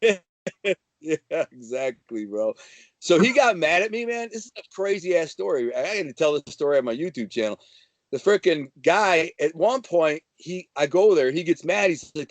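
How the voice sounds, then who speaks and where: A man's voice: a little high, expressive, moderate pace, no room sound. Brash man with a dry close sound. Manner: brash, swaggering, slangy. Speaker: guest telling prison-life stories. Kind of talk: casual storytelling.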